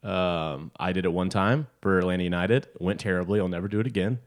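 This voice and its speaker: A podcast host with a lowish voice chats casually with a guest. He throws in jokes and riffs on what he hears. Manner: jokey, quick to riff on the story. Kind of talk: casual chat.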